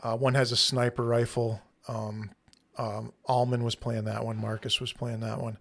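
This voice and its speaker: A man hosting a podcast in casual chat, laughing often and pausing with many ums. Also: mid-range voice, little pitch movement, gravelly. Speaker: podcast host.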